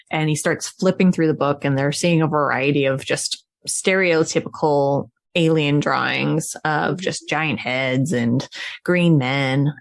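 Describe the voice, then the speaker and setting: Chatting as a podcast co-host, a woman recaps a film casually, storytelling with frequent laughs. Her voice sits low, and the studio-quality recording has no room sound.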